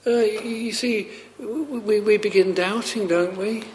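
A man preaching a sermon in an earnest, halting way, often repeating words as he restarts, rising fervently on pleading questions. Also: sits high, steady tone.

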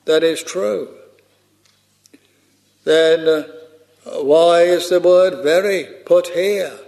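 Male preacher, slightly high voice, very slow measured sermon delivery. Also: steady tone, gravelly, a little mellow. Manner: slow, measured preaching with archaic scripture phrasing.

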